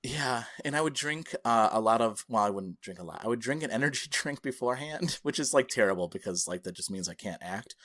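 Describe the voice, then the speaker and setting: Animated man telling a podcast story. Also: mid-range voice, a little fast, hardly any pauses. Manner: animated, acts out the people he quotes; laughs between phrases while telling a story. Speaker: podcast co-host.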